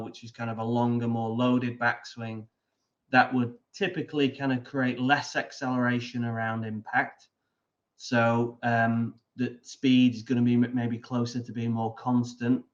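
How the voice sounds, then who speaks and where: A man coaching putting explains his ideas in a measured way, pausing on "um" and restarting his sentences. His voice is mid-pitched. The recording sounds a little dull and muffled. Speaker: putting coach, interview guest. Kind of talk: explanatory interview answer.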